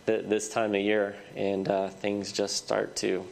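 A man's voice: lowish voice, completely flat delivery, gravelly, darkish tone. Congested man preaching, amen after every line. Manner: repeats amen often, halting restarts. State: congested, stuffy head. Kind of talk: sermon. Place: church sanctuary. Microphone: microphone.

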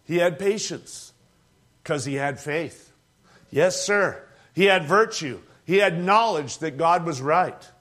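A man in his sixties with a high voice preaches in a homespun storytelling way. He uses plain country grammar and chuckles often as he talks. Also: slow, a bit bright. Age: 60s. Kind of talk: storytelling sermon.

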